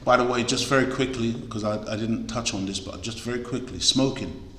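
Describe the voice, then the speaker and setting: Speaking a little fast at medium pitch, a man with a fairly bright tone gives an emphatic, exhorting sermon to a congregation, stressing key words by repeating them. There's slight background noise, and the preacher or lecturer is recorded in a large hall full of long, echoing reverb.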